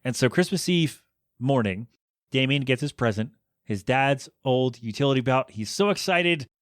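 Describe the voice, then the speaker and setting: A man hosting a podcast, giving a casual movie review in an animated way, full of rhetorical questions and exasperated asides. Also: mid-range voice, normal speed, no room sound, studio quality. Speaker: podcast host.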